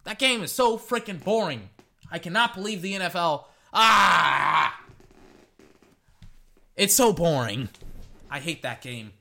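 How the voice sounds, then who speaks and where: Young man, casual sports rant, bright, raised voice, exasperated. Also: moderate pace. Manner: exasperated, ranting, lively swings in pitch. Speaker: sports podcaster giving picks. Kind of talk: casual solo commentary. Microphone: echoey metal can around the mic.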